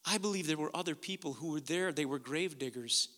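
A man pastor preaching a sermon, swinging from hushed, slow passages to loud, emphatic ones. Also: a little high, in a large hall.

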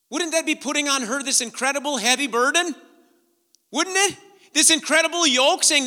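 A man pastor preaching a sermon, swinging from hushed, slow passages to loud, emphatic ones. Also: very high-pitched, big pitch swings, big-room sound.

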